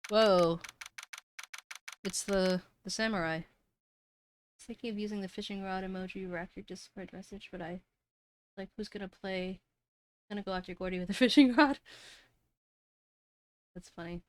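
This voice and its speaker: A woman's voice: medium pitch, fairly even intonation, fairly quick, long pauses. A woman streamer chatting casually while playing, gushing and giggly. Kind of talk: casual game-stream chat. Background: game music.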